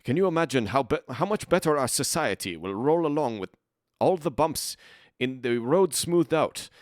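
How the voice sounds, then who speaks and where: Man putting on a pompous middle-aged scientist, speechifying, slightly raised pitch, dry sound. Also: lively intonation, normal speed, dry recording, lightly acted.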